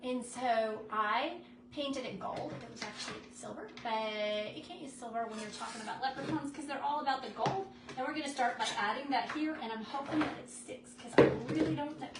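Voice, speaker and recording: A woman's voice: a little high, fairly quick, distant mic. A woman chatting casually with viewers while she crafts, greeting them by name. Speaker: craft livestream host. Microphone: phone on a stand. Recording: echoey room, noisy phone audio.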